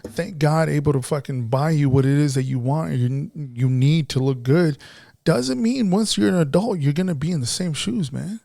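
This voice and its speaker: Gravelly higher-voiced man venting bluntly. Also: animated, normal speed, warm tone, dry recording, studio quality. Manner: blunt, frustrated, swears heavily. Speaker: podcast co-host. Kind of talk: casual chat.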